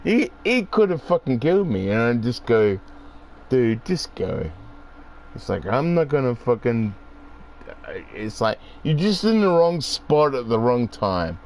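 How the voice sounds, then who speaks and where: Gravelly Australian man rambling. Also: mid-range voice, a little hiss or hum. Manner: swears freely, acts out voices when telling stories. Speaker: gaming streamer. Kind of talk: rambling casual chat.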